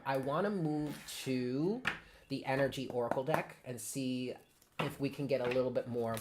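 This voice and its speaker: Against background noise, a medium-pitched tarot reader talks through a live reading in a relaxed way, thinking aloud. She calls out chat viewers by name and frequently checks in with "okay?"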